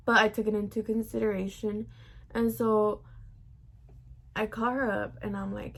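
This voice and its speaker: Young woman, vocal fry, casual cursing, filler-heavy storytelling. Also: medium pitch, flat delivery, moderate pace, long pauses, a bit bright. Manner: chatty, profane, heavy use of "like". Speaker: vlogger.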